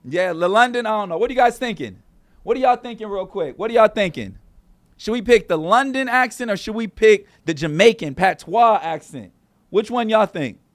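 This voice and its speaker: Male streamer host, high-pitched, loose and chatty, dry studio sound. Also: expressive, normal speed, dry recording. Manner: rambling, talks straight to chat viewers. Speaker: show host. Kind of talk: casual livestream chat. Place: small studio.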